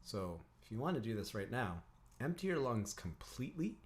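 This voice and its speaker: On a livestream, a man who teaches didgeridoo and also works as a counsellor leads a calm breathing lesson. His voice sits on the low side at a normal speed, with a little hiss or hum in the audio. His manner is instructive; he often clears his throat and greets and chats with viewers in the live chat.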